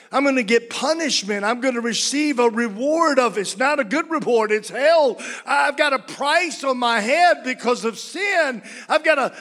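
A man preaching a sermon as pastor, impassioned, his voice swinging from loud to hushed. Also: very high-pitched.

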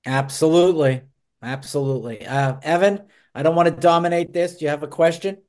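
A man's voice: a little high, a little fast. A man hosting a business interview show, introducing guests in a friendly, joking way over a video call. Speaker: host.

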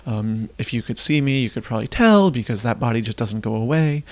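A man from the United States telling a comic personal story on a podcast, wry and animated, jumping up in pitch for emphasis. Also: moderate pace, no echo.

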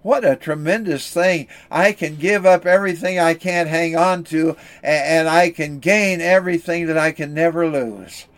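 A man preaching a sermon, telling an illustration story in an earnest, steady way. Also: a little high, normal speed, few pauses. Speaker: pastor.

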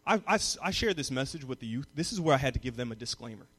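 A young man preaching a sermon as a youth pastor, moving from calm teaching to loud call-and-response. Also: mid-range voice, fast talker. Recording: long reverb of a hall.

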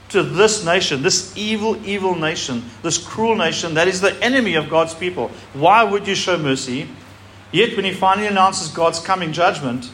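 A man's voice: fairly high pitch, fairly bright tone, a little hiss or hum. A man pastor giving a sermon, reading scripture aloud with emphasis and speaking animatedly to a congregation.

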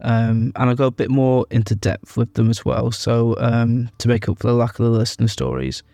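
A man's voice: medium pitch, normal speed, gravelly, warm tone, dry recording, clean studio sound. A young man, hosting a podcast and chatting casually, rambling with lots of ums and fillers. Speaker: podcast host. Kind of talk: casual podcast intro chat.

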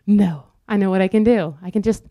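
A young woman preaching a sermon in an earnest, conversational way with quick asides. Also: medium pitch, dark tone, no echo.

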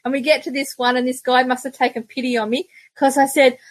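A woman's voice: high-pitched, flat delivery, quick pace, no room sound, poor audio. A middle-aged Australian woman, a podcast guest, telling stories in casual chat and laughing often. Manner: chatty storyteller, laughs often.

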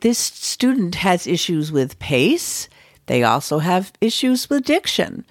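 A woman's voice: fairly low pitch, sing-song, slow, no room sound, clean studio sound. A woman teacher hosting an educational podcast, talking in a conversational way and musing aloud with the odd filler.

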